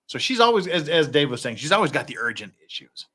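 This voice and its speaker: Guy hosting a legal podcast, reading court docs with jokey asides, lively up and down pitch, bright voice. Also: quick pace. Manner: wry, reads documents aloud with jokey asides. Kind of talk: casual legal commentary.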